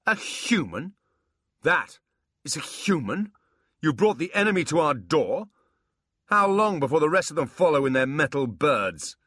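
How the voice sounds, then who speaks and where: Man doing a loud, blustering demon warrior. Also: medium pitch, very animated, a little slow, no room sound, studio quality, pitched above the performer's own voice, full character voice. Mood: accusing. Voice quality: loud, raised, shouting. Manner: blustering, accusing. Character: blustering male demon warrior leader, proud, hostile.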